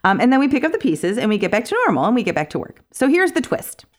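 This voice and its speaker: A woman's voice: on the high side, sing-song, fast. A middle-aged woman hosting her podcast, talking in an upbeat, chatty way and laughing easily. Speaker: podcast host and organizing coach. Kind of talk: casual podcast chat.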